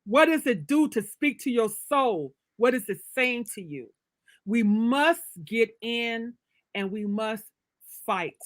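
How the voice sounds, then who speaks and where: A woman's voice: a little high, expressive, slow, no echo. A woman author being interviewed, telling her story in an emphatic, preacherly way with big swings of energy. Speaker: author, guest. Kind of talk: casual livestream interview.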